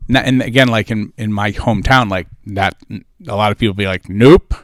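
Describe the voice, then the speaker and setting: A man from New England speaks earnestly on a discussion panel, sharing personal stories in a lowish voice. The recording is dry and close. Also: fairly quick, a bit bright, dry recording. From New England, United States. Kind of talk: podium discussion.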